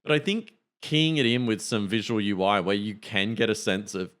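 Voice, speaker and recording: A man's voice: fairly low pitch, normal speed, a bit bright. A man co-hosting a podcast in casual tech chat, sounding skeptical and hesitant, often restarting his sentences. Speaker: podcast co-host.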